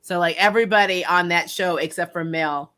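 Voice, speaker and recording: Bright-voiced woman hosting a chatty stream. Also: lowish voice, fairly quick. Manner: chatty, laughs often, lots of ums. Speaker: host. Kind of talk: casual livestream chat.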